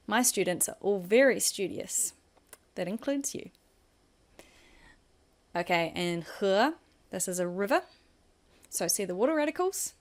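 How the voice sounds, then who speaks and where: A woman's voice: medium pitch, animated, measured pace, long pauses. A woman teaching a vocabulary lesson, patiently explaining each word and modelling the tones. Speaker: Chinese language teacher.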